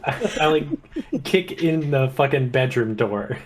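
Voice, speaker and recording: A woman playing a tabletop game, excitable and swearing casually. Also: rumbling low, slow, husky. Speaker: player.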